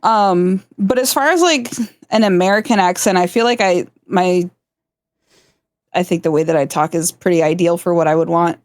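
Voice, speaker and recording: A woman's voice: on the low side, normal speed, no room sound, studio quality. A woman from South Florida, streaming live and chatting casually, laughing often and swearing freely. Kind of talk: casual chat.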